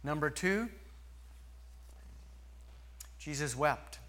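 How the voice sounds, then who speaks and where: A man preaching a sermon slowly and earnestly, with long pauses. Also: a little high, animated, a bit bright, a little hiss or hum. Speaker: pastor.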